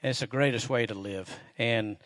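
A man's voice: mid-range voice, moderate pace. Folksy man preaching in a hall. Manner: folksy storytelling, animated and loud when excited. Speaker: pastor. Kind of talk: sermon. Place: church sanctuary. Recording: echoey hall with long reverb.

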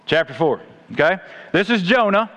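A man preaching a sermon, telling the story with animated acted-out voices. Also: high voice, moderate pace, lo-fi sound. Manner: animated storytelling, acts out voices of God and Jonah.

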